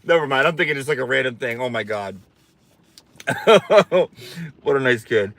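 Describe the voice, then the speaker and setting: A man's voice: medium pitch, expressive, moderate pace, fairly bright tone, no room sound. A man chatting on a casual livestream in a campy, sassy way, with a mid-range voice. He swears freely and reads viewer comments aloud in a playful drawl. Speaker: livestream host.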